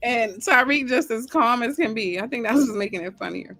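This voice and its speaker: A woman gives casual reaction commentary over a clip, amused and chatty. Her voice sits at an ordinary middle pitch for a woman. The recording is dry and close. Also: normal speed, a bit bright, no room sound. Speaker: reaction streamer.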